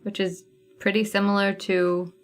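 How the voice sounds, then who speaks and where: A woman's voice: mid-range voice, little pitch movement, moderate pace, creaky, faint music behind. A woman hosting a casual craft livestream, chatting with viewers and thinking aloud as she sorts thread colors. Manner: chatty, thinking aloud while sorting flosses. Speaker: cross-stitch livestream host.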